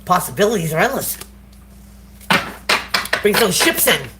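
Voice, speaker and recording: A woman's voice: lowish voice, big pitch swings, unhurried, very noisy. A woman giving a casual live tarot reading to viewers on a phone, talking in a slangy, encouraging way. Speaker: tarot reader.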